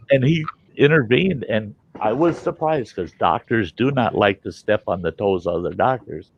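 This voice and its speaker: A low, gravelly man spins a casual story with plenty of swearing and acts out every character in it. The audio is dull and lo-fi, with faint noise under the voice. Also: moderate pace. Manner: animated, profane, acts out the people in his story. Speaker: host telling a story.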